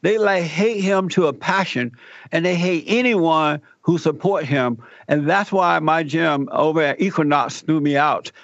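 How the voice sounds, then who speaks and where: Gravelly older man telling a story. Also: fairly high pitch, unhurried, no room sound, highs cut off. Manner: animated storyteller, acts out quoted dialogue. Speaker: guest, radio talk show host. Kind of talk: telling a personal story in an interview.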